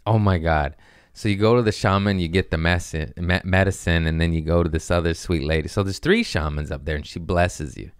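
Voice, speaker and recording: Low-voiced man telling profane stories. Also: a little fast, clean tone, no room sound, studio quality. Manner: profane, self-mocking, animated with quoted voices. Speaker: podcast host. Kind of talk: comedic storytelling.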